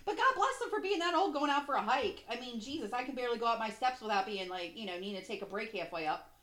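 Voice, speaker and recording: A woman co-hosts a casual podcast, her pitch swinging widely as she talks. She swears freely and acts out little voices. The room around her is echoey. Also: animated, fast talker, fairly bright tone. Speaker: podcast co-host. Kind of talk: casual chat.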